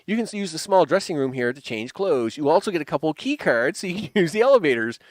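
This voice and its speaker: A man voicing a brisk, dry male hotel clerk who hands out uniforms and keys. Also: a little high, sing-song, no room sound.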